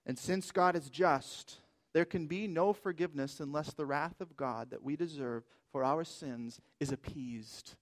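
A man's voice: fairly high pitch, measured pace. A man preaching a sermon as pastor, emphatic and asking rhetorical questions.

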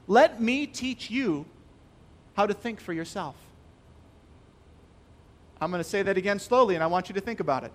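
A man preaching a sermon, emphatic and stressing key phrases by slowing down. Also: high voice, lively intonation.

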